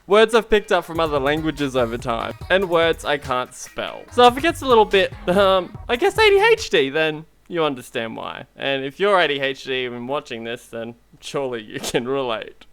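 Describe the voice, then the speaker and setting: A man's voice: fairly high pitch, very animated, normal speed, few pauses, a bit bright, clean tone, faint music behind. Rambling Australian man with a raised voice. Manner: chatty, self-mocking, tangent-prone. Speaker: vlogger. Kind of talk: casual rambling monologue to camera.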